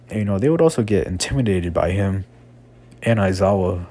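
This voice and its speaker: A man's voice: low-pitched, lively intonation, fairly quick, mellow, a little hiss or hum. A young man improvising a fan-fiction story in a rambling, casual way, full of fillers.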